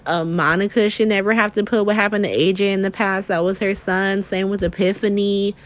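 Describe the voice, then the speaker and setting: A woman's voice: mid-range voice, a little fast. Chatty young woman recapping episodes. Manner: chatty, filler-heavy, profane, animated retelling. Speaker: soap opera recap vlogger. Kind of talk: casual chat.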